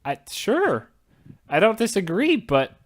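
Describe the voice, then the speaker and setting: A man co-hosting a casual podcast over a voice call, arguing in an animated way and stammering when he gets excited. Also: high-pitched, slow pace. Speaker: podcast host. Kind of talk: casual chat.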